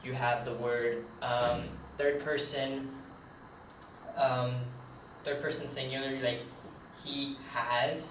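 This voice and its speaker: Young male hobbyist teacher at a whiteboard, slow and halting, roomy dull far-off camera sound. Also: mid-range voice, little pitch movement, noisy background. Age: young adult. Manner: hesitant, many ums, slow and unhurried. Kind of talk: casual whiteboard lesson. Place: room, writing at a board. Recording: echoey, distant, dull lo-fi camera audio.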